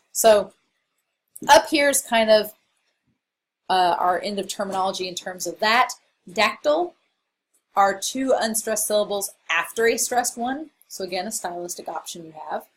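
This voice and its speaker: A woman's voice: medium pitch, slight background noise, poor audio. A woman college English instructor giving a recorded lecture over slides, explaining in a casual way with frequent fillers.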